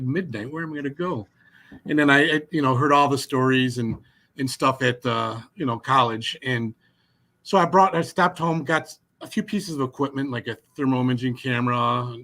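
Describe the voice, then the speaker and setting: A man, a paranormal investigator telling his experiences in a casual podcast chat, animated with frequent restarts. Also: mid-range voice.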